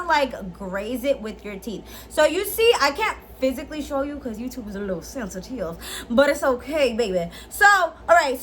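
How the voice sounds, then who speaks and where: A woman in her twenties giving a casual, slangy tutorial as a vlogger, animated and quick to laugh. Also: sits high, slight background noise. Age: 20s.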